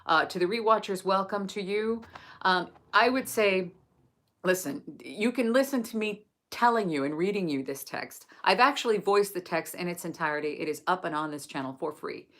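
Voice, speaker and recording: English woman, lowish voice, gentle live-stream study host, reads text then chats warmly. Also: normal speed. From England. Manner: gentle, effusive, greets viewers warmly. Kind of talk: reading scripture aloud, then live-stream chat.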